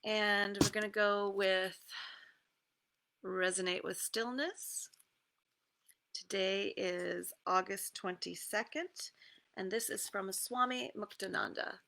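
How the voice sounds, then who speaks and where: Slow, gravelly-voiced woman meditation coach. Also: medium pitch, fairly even intonation, sharp tone. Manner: easygoing, with many pauses and fillers, and laughs. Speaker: creative success coach. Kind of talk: casual guided meditation talk with readings.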